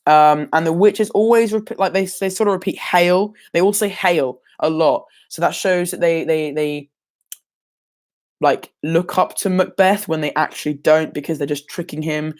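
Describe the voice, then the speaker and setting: A man's voice: on the high side, normal speed. A teenage boy revising for an exam on a casual livestream, rambling and hesitant, full of ums and self-corrections. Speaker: student sharing exam revision.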